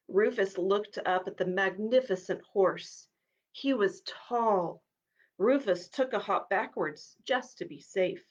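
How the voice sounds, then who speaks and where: A woman children's minister giving a live storytime, reading a picture book aloud to children with an expressive read-aloud manner. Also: mid-range voice, a little slow, lo-fi sound. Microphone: livestream device.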